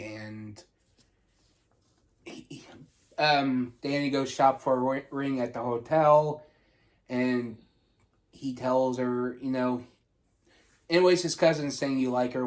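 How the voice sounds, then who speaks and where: A man co-hosting a casual podcast, adding to a movie recap. He speaks at a mid pitch and in an offhand, dismissive way, skipping past the details. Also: a little slow, pauses often. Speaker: podcast co-host. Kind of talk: casual chat.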